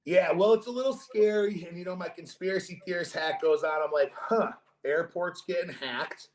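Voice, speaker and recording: Joking, swearing young podcast host. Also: male voice, sits high, a little fast, slight background noise. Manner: animated, swears a lot, jokey. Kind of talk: casual chat. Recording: roomy echo.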